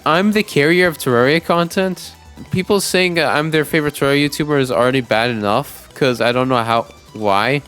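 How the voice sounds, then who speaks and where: A young man narrating his game playthrough who talks to his chat, jokes about himself and gets loud and pleading in boss fights. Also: on the high side, brisk, clean tone, soft background music. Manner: excitable, shouts and pleads during fights; talks to chat, self-deprecating. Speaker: gaming YouTuber. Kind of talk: let's play with voice-over narration.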